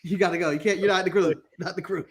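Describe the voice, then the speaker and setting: A man's voice: high voice, quick pace. A man from the United States co-hosting a podcast, chatting casually and joking with frequent laughter. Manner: animated, joking, laughs often. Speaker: podcast co-host. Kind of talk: casual watch-along chat.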